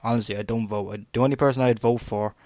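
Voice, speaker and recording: A man's voice: mid-range voice, steady tone, fast talker, mellow, no echo. A young Irish man in his twenties, hosting a podcast and ranting bluntly in a rambling monologue, swearing freely and peppering his talk with "like.". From Ireland. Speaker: podcast host.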